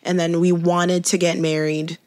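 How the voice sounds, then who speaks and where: A woman's voice: on the low side, a little slow. Chatty woman with a slight French accent. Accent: shifting between Franco-Ontarian, Quebecois and Parisian French. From Canada. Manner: chatty, many restarts, lively laughter. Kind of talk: casual chat.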